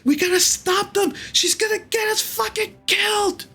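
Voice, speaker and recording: A man voicing a frantic orphan child who shouts to rally the other kids in a tabletop game. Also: flat delivery, normal speed, creaky, faint music behind, exaggerated voice. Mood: urgent, rallying. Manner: high shrill shouting.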